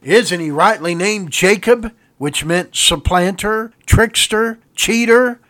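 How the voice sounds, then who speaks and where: A man's voice: high voice, slow pace, a bit bright, voice pushed up. A man crying out as an anguished young son. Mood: anguished pleading. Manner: crying out, begging. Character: anguished young man pleading with his father.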